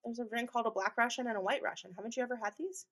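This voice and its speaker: A woman's voice: on the high side, racing, fairly bright tone. A young woman co-hosting a podcast, chatting casually, rambling and laughing often. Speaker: podcast co-host. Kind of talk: casual chat.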